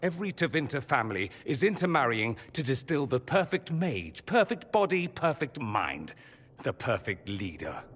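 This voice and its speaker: A sardonic, proud male mage in a game scene. His husky voice swings widely in pitch, sharp with sarcasm and bitter barbs. A long reverb trails his words. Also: sing-song, normal speed. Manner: sarcastic, cutting, rising to anger. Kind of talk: game character dialogue.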